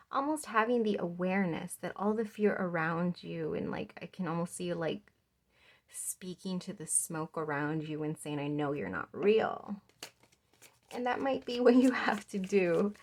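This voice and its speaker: A young woman giving a pick-a-card tarot reading in a gentle, reassuring way, rambling with many fillers. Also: fairly low pitch. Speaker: tarot reader.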